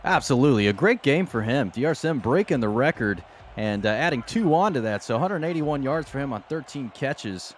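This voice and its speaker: A man's voice: medium pitch, lively intonation, a little fast. A man with an ordinary mid-range voice adds color commentary to a football broadcast. He talks in a folksy, exclaiming way, with faint hiss in the background. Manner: folksy, leans on exclamations like "boy, oh boy". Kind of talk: live esports football commentary.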